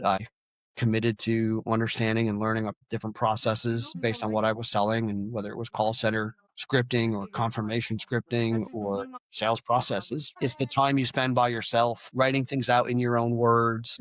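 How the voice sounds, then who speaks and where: A man's voice: mid-range voice, level tone, moderate pace. A man speaking as a podcast guest in a casual, plain-spoken way, with many restarts. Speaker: guest, sales company leader. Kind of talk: podcast interview.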